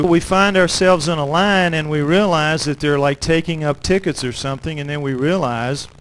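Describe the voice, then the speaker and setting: A middle-aged man, an author and lecturer, telling a story to an audience in an animated way with dramatic pauses. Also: a little high, poor audio.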